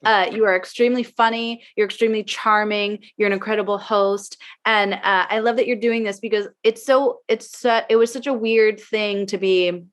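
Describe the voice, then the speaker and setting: A woman's voice: mid-range voice, steady tone, normal speed, hardly any pauses. A middle-aged woman performer chatting as a podcast guest, rambling with plenty of fillers. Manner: rambling, lots of fillers, warm praise. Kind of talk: casual chat.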